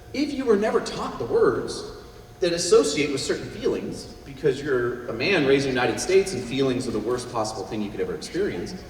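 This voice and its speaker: A man giving a joking, animated talk as a guest speaker at a luncheon, recorded from far off in a hall. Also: fairly high pitch, slight background noise. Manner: animated, joking, acts out quick voices. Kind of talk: luncheon talk on listening skills.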